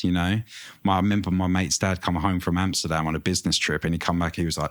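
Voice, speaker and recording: A very low-voiced man chats as a guest, telling stories in a lively, loose way. He swears freely, and the talk stays casual. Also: quick pace. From England. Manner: animated storytelling, swears freely. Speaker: tattoo artist guest. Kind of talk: casual interview chat.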